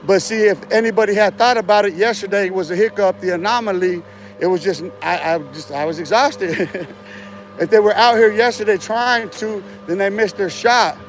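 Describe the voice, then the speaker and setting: A man's voice: sits high, moderate pace, slight background noise. A man talking on a livestream in a rambling, profane, boastful way, laughing between remarks and often trailing off and restarting. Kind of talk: rambling casual livestream talk.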